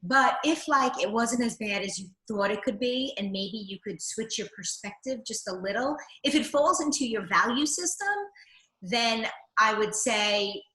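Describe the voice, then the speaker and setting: A woman's voice: a little high, normal speed, sharp tone, roomy sound, poor audio. A woman co-hosting a talk show, reflectively giving advice in casual chat. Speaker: co-host.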